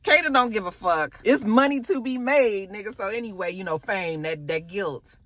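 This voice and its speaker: A woman recapping a TV episode in a casual vlog, telling it with slangy asides and animated delivery. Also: mid-range voice, normal speed, no room sound. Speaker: TV episode reviewer.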